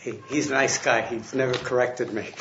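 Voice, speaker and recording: A man arguing a case before judges in a courtroom, halting and restarting often with fillers. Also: medium pitch, fairly even intonation. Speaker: attorney arguing an appeal. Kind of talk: courtroom oral argument. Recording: echoey, muffled courtroom audio with faint hiss.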